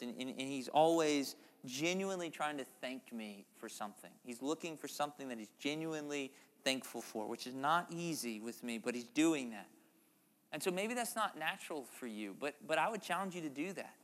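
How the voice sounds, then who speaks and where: Bright-voiced man preaching in a hall. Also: mid-range voice, fairly quick. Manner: conversational, animated preaching with asides. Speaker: pastor. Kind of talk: sermon.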